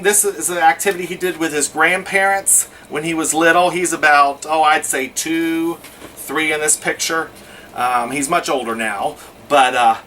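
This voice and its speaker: A man's voice: on the high side, pushed and bright, distant mic, a little hiss or hum. A man giving a casual scrapbooking how-to, chatting through each step as he works. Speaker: scrapbooking instructor.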